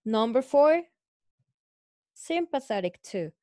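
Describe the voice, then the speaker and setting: A woman with a Mexican Spanish accent, speaking as a native Spanish-speaking English teacher. She talks slowly in a slightly high voice, explaining each point to her class. The sound is close and dry. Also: very animated, a little mellow, no echo. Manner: slow, explanatory, addressing students as guys. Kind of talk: recorded online lesson.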